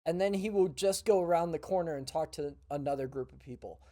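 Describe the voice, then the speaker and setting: A young man with a fairly high voice co-hosts a casual podcast. He talks in a laid-back way and explains things calmly, laughing along with his co-host. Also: fairly quick. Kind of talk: casual chat.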